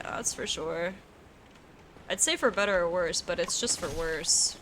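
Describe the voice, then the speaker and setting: A woman's voice: fairly low pitch, a little slow. Young east coast american woman streaming, chatty, laughs a lot, swears loosely, noisy background hum. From United States. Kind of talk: casual chat while gaming.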